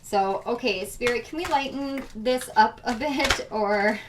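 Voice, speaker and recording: A woman's voice: fairly high pitch, slow, far from the mic, noisy background. Chatty woman reading tarot, a bit off-mic. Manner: chatty, emotional, laughs often, many fillers. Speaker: tarot reader. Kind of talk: casual spiritual reading.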